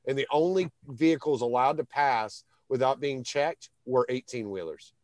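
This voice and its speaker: A middle-aged man hosting a podcast, relaxed and conversational, swearing casually. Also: medium pitch, moderate pace, dry recording. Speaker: podcast host.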